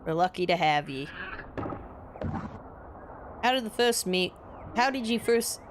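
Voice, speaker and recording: A woman voicing a gruff rustic male fisherman in a video game, talking in a folksy dialect full of "eh" and "ye". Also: fairly low pitch, animated, measured pace, noisy background. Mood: friendly.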